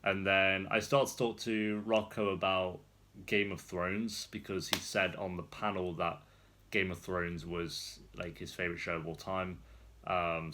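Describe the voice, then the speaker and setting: A man's voice: deep voice, a bit bright, slight background noise. A young man vlogging casually, telling a rambling story with frequent laughs while seated indoors. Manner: rambling, chatty, laughs often. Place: seated indoors on a rolling chair.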